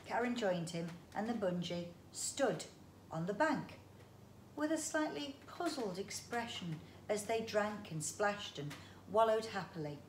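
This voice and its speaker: A woman's voice: medium pitch, very animated, a little slow. Woman reading a children's story aloud. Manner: chatty asides to the listener. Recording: roomy echo, faint background noise.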